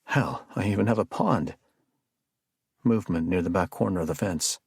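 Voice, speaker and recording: A man narrating a first-person suspense audiobook in a measured storytelling delivery. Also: deep voice, creaky, slightly rough, no room sound, studio quality.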